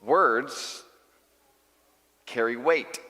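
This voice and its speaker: A male pastor preaches with a bright, forceful tone, landing short and punchy phrases as he tells a story. His voice rings out with a long reverb through a large church hall. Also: medium pitch, drawn-out words. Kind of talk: sermon.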